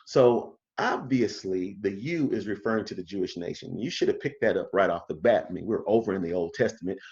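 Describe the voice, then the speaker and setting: A man's voice: on the low side, brisk, darkish tone, lo-fi sound. A man teaching a casual Bible study, emphatic and full of rhetorical questions.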